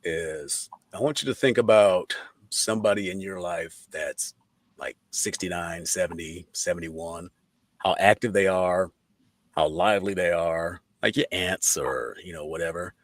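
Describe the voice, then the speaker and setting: A man's voice: low-pitched, a little slow, dry recording. A man hosting a casual talk show, talking animatedly, swearing freely and laughing often. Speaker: podcast host. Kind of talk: casual profane commentary.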